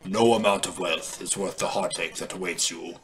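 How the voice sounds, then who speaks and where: A grim, mysterious stranger murmurs a warning in a low, hushed voice, put on by a man. The voice sinks well below normal speaking pitch. It stays quiet and foreboding throughout. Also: fairly even intonation, normal speed, slight background noise. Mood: ominous.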